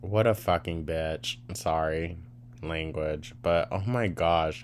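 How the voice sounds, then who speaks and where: A man's voice: rumbling low, slow pace, clear, resonant tone. A man hosting a reaction commentary, sarcastic, blunt and profane as he picks apart a clip. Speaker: commentary host.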